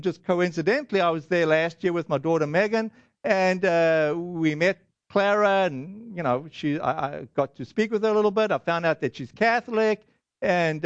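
A man's voice: high-pitched, clean tone, no room sound, dull audio. A man preaching a sermon, telling personal stories in a chatty, self-deprecating way with lots of fillers. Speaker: pastor.

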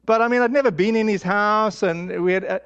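A man with a high, fairly bright and smooth voice preaches a storytelling sermon, halting and candid, full of fillers and restarts. He's self-deprecating, and the sound is dull and lo-fi like an old sermon recording.

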